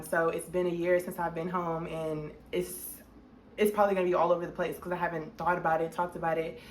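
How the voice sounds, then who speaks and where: Young woman vlogger, storytime, swears a lot, goes loud and half-cries when reliving bits. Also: fairly low pitch. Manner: animated and profane, talks straight to viewers; jumps to loud half-laughing, half-crying outbursts when replaying scenes. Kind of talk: casual storytime monologue.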